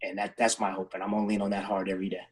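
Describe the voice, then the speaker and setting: A man with a husky, somewhat low voice speaks on a video call. His words come haltingly and from the heart, and he sounds close to tears. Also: monotone, poor audio. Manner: heartfelt, halting, faith-centered. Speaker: head coach. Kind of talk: emotional closing remarks on a video call.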